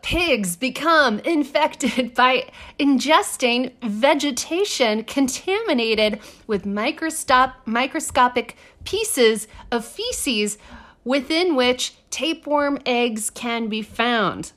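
Expressive woman exclaiming in dismay. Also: high voice, takes it slowly. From Texas. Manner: dramatic, exclaiming reactions. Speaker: podcast co-host. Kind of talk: casual chat.

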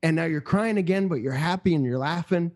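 Fifties male co-host, warm mellow voice, chatty storyteller. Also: on the high side, fairly quick. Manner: storytelling, swears casually. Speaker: podcast co-host. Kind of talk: casual film discussion.

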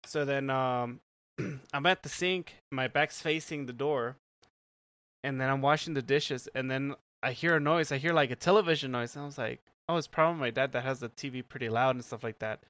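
A man's voice: medium pitch, fairly quick, a bit bright, no room sound. A young man telling a story on a casual podcast chat, rambling with lots of "like" fillers and frequent laughs. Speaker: podcast co-host.

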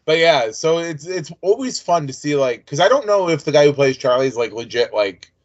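A man's voice: on the high side, expressive, moderate pace, lo-fi sound. A man co-hosting a podcast, chatting casually about a TV show and rambling as he goes. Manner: rambling, chatty, trails off and restarts. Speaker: podcast co-host. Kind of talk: casual chat recapping a TV show.

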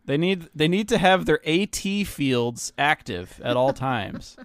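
A man's voice: fairly high pitch, animated, measured pace, smooth, no room sound. A man co-hosting a podcast in casual chat, rambling, swearing freely and laughing easily. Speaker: podcast co-host.

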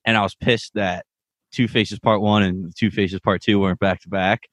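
A man's voice: deep voice, steady tone, moderate pace, no room sound. A man co-hosting a casual podcast, laid-back and laughing often. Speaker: podcast co-host.

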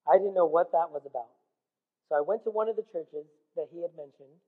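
A man's voice: on the high side, fairly quick. A man preaching a sermon, telling his own story earnestly to the congregation. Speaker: pastor. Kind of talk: sermon with personal testimony. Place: church hall. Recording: tinny phone-like sound with long hall reverb.

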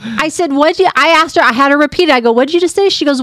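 High-voiced middle-aged woman telling a story. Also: racing, no echo. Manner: animated storyteller, indignant. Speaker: podcast co-host, mother. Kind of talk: casual chat. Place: home studio.

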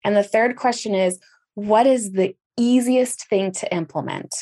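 A woman's voice: medium pitch, measured pace, dark tone. A woman telling her story in a casual podcast conversation, with sudden jumps up in her voice for emphasis.

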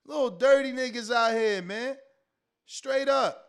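A man's voice: extremely high pitch, measured pace, clean tone. A man hosting a boxing call-in show, ranting profanely and mocking callers over and over. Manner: profane, mocking, repeats himself. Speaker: boxing podcast host. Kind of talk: taking calls, heated rant.

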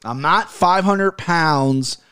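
A man's voice: a little high, slow, sharp tone, clean tone. A man in his thirties hosting a casual podcast, ranting with plenty of swearing and then giving fight betting picks. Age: 30s. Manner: heated, profane, rambling.

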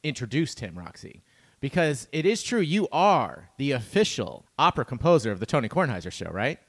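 A man's voice: mid-range voice, sing-song. A man hosting a podcast, chatting casually and asking his guest questions. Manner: fast, chatty, self-deprecating. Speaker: podcast host.

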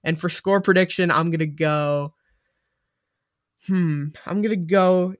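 Animated man talking football tactics. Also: high-pitched, unhurried. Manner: animated, defensive, jokey. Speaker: podcast co-host. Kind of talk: casual sports chat.

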